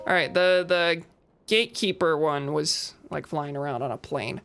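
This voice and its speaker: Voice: medium pitch, moderate pace, vocal fry, fairly bright tone, clear, resonant tone. A game streamer giving casual gameplay commentary, rambling, restarting sentences and chuckling often.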